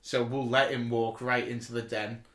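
A man co-hosting a podcast, retelling a comic plot in an excitable, animated way. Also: medium pitch, moderate pace. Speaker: podcast co-host. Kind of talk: casual chat. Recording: echoey room.

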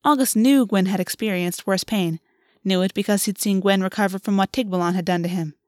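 A woman's voice: medium pitch, brisk, darkish tone, dry recording. Woman reading fiction aloud, dry sound. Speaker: audiobook narrator. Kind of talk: scripted narration.

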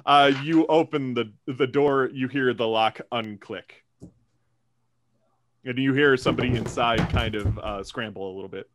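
A man running a tabletop game as game master, narrating in a relaxed way with lots of fillers. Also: medium pitch, moderate pace, background noise.

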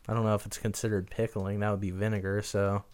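A man's voice: fairly low pitch, little pitch movement, fast talker, a little mellow, clean tone. A young man co-hosting a podcast, chatting casually, teasing his co-host and setting up segments. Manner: teasing, sets up the show's segments. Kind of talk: casual chat.

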